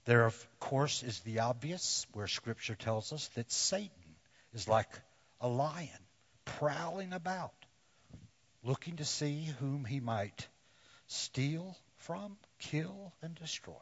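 A man preaching a sermon to men in slow, deliberate phrases that often sink to a hush. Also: on the high side, lively intonation, highs cut off. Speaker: pastor.

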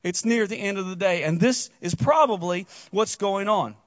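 A man with a very high voice preaches a casual sermon, retelling the story in an animated way and often restarting his sentences. The recording sounds dull and dry, with no room around it. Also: moderate pace, no room sound. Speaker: pastor.

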